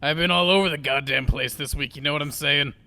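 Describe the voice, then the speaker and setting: A man's voice: a little high, fast, creaky, bright, forceful tone, heavily acted. A man voicing a harried male Jersey Devil who rambles and curses through small talk. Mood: chatty.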